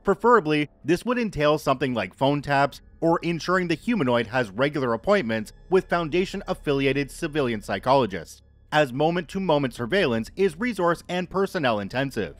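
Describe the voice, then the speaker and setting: A man narrating a scripted horror story in a measured, even reading voice. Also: on the high side.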